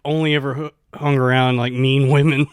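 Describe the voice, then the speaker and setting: Halting deadpan young man, smooth voice. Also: medium pitch, no echo, clean studio sound. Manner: deadpan, halting, with many fillers. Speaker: comedy podcast host telling a story. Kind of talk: casual comedic storytelling.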